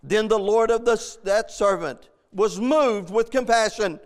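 A man's voice: high-pitched, a little slow, long reverb tail. A male preacher delivering a sermon, emphatic and full of rhetorical questions, speaking in folksy plain grammar and repeating phrases.

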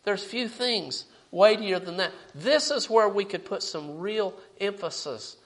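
High-voiced man preaching a sermon. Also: unhurried, a bit bright, rough recording. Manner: preaching with scripture quotes and rising emphasis.

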